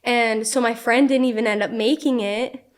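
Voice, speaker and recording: Chatty young woman with a slightly high voice. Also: normal speed, clear, resonant tone. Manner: animated, frequent "like" fillers, acts out quotes. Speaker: podcast guest. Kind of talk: casual storytelling.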